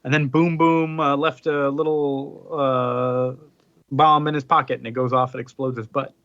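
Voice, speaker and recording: A man's voice: medium pitch, little pitch movement, moderate pace, a bit bright, no echo, muffled recording. A man co-hosting a casual podcast, animatedly recapping a comic book story and switching voices for the characters. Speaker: podcast co-host.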